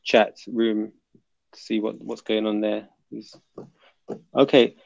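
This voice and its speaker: A man's voice: on the low side, little pitch movement, slow pace, vocal fry, no echo, lo-fi sound. A man hosting a live stream, chatting casually and reading out viewer comments in a laid-back, joking way.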